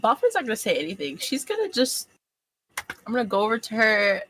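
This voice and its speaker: A woman's voice: a little high, huge pitch swings, fairly quick, fairly bright tone, slight background noise, low-quality recording. A woman playing in a tabletop game, chatting in a casual, profane, unfiltered way. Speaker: player.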